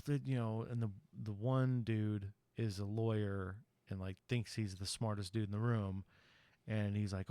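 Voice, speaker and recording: Low-voiced man recapping a movie. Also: steady tone, a little slow, warm tone, smooth, no echo. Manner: rambling, chatty retelling with frequent ums and you-knows. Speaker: podcast host.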